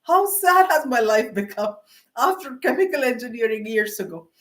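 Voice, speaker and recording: A woman's voice: on the high side, sing-song, moderate pace, a bit bright. A middle-aged woman telling rambling, self-mocking personal stories with many fillers and asides. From Canada. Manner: meandering, self-mocking, with frequent fillers and laughs. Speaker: vlogger.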